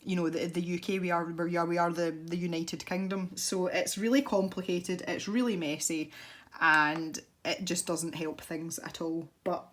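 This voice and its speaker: A woman with a west-of-Scotland accent, chatting casually and rambling as she colours for a tutorial. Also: lowish voice. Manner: chatty and rambling, self-deprecating. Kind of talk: casual chat while colouring.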